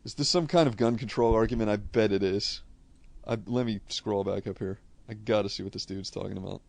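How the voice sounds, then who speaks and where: Gravelly and on the low side, this brisk male voice comes through with no room sound. He hails from Connecticut, USA, has a New England accent, and rambles through viewer questions in blunt, profane, unscripted casual chat.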